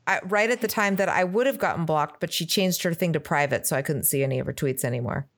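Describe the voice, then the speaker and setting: A woman's voice: deep voice, fast. A woman co-hosting a podcast, chatting casually with dry, joking asides. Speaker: podcast co-host. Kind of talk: casual chat.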